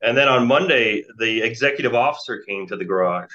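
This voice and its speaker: Telling a long and rambling story as an interview guest, an American man in his forties fills it with fillers and restarts. He speaks fairly quickly in a medium-pitched voice that's pushed and bright, recorded with dull lo-fi sound.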